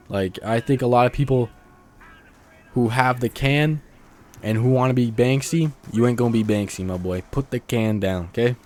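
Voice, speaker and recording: Young male vlogger, mid-pitched voice, casual profane slang, rambling delivery, recorded outdoors near traffic. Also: a little mellow.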